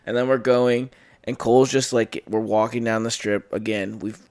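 Young man, podcast host, casual storytelling, rambling, profane, mid pitch. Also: steady tone, moderate pace, a little mellow. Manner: rambling, profane, lots of fillers and quoted dialogue.

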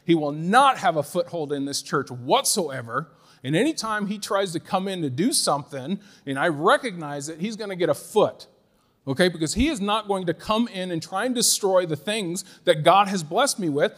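A middle-aged man preaching a sermon as a pastor, emphatic and repetitive, moving between loud exhortation and quiet, laughing asides. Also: high-pitched, expressive, normal speed, big-room sound.

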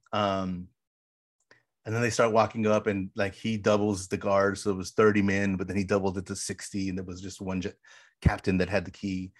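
A man co-hosting a casual podcast, excitedly retelling film scenes with lots of fillers and acted-out quotes. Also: deep voice, normal speed. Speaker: podcast co-host. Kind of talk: casual film rewatch chat.

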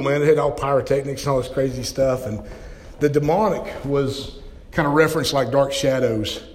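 Impassioned preacher in a reverberant church. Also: male voice, medium pitch, darkish tone. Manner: impassioned, stammering repeats. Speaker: pastor. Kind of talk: sermon.

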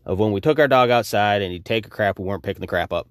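A man in his thirties, hosting a podcast and telling a story in a casual, profane, animated way, acting out the quoted exchanges. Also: lowish voice, rapid-fire, clear, resonant tone, no echo, clean studio sound. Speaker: podcast host.

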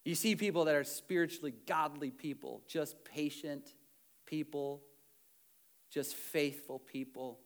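High-voiced, animated male pastor preaching. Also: unhurried. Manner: animated, swinging between loud and hushed; self-deprecating humor. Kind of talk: sermon.

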